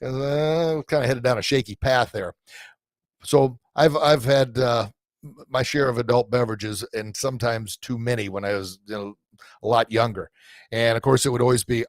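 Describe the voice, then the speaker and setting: A middle-aged man of ordinary pitch hosts a live podcast stream in front of a camera mic. He rambles heartfelt, full of fillers and restarts. The sound is dry and close. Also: animated, normal speed, no room sound. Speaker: podcast host and coach. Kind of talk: live-streamed casual talk to listeners. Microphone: camera mic in front of him.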